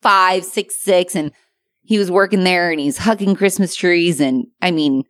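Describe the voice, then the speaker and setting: A woman co-hosting a casual chat show, animated and exclamatory, swearing freely. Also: on the low side, unhurried, dry recording, studio quality. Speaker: podcast co-host.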